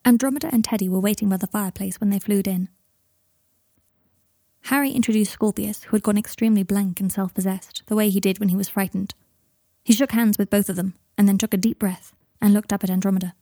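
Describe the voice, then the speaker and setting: A woman narrating fan fiction as an audiobook, calm and even. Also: mid-range voice, fast talker, dry recording, clean studio sound.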